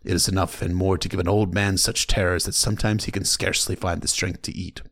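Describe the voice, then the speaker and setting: A crafty old seafaring rogue, voiced by a man murmurs warnings in odd, stilted phrases. The voice is gravelly and sits low, with a furtive storybook menace. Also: level tone, quick pace, a bit bright, heavily acted. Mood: hushed. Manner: stilted foreign-sounding phrasing, conspiratorial. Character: sly old male pirate captain.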